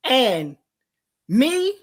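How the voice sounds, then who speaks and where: A woman's voice: high-pitched, sing-song, drawn-out words. An older woman streamer in a profane, confrontational livestream rant.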